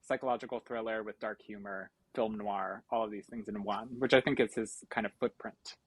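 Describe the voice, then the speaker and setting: A man's voice: lowish voice, steady tone, fairly quick, slightly rough, no echo, rough recording. A man co-hosting a podcast, explaining film history at length in a thoughtful, casual way. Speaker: podcast co-host. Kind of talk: casual chat about a film.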